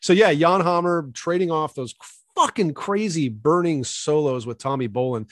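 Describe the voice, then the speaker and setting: A man's voice: a little high, moderate pace, no room sound, clean studio sound. A man co-hosting a music show, talking casually and enthusiastically, rambling and laughing often. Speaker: radio show co-host.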